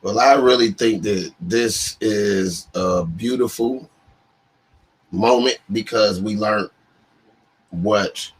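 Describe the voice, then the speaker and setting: A man's voice: lowish voice, takes it slowly, pauses often, breathy edge, rough recording. A man co-hosting a casual talk show, teasing his partner in a playful, mock-exasperated way. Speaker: podcast co-host. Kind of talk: casual chat.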